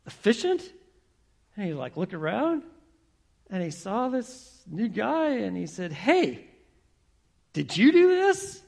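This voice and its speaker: Gravelly, husky preacher telling a story. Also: male voice, sits high. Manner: storytelling, asks the congregation questions. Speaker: pastor. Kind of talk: sermon.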